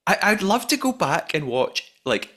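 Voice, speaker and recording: Guy hosting a podcast, chatty, lively voice, laughs a lot. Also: high voice, normal speed. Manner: animated, laughs often, many restarts. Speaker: podcast host. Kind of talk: casual podcast chat.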